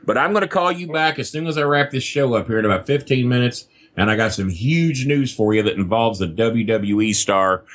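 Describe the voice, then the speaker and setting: A man's voice: mid-range voice, fairly quick, few pauses, a bit bright, dry recording. A man, telling crude, self-mocking stories as a podcast guest. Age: 50s. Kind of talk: casual storytelling. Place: not at a desk microphone.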